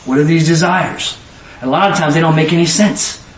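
A man preaching a sermon in a church hall, animated, sometimes rising to a shout and acting out both sides of conversations. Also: fairly high pitch, brisk. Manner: animated, rising to shouts, quoting people in dialogue. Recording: echoey room from far off, faint noise.

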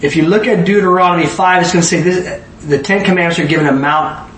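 A man's voice: high-pitched, quick pace, a bit bright. A man teaching a conversational Bible study sermon, often asking the audience questions, recorded in an echoey room from a distant mic with faint background noise. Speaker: preacher.

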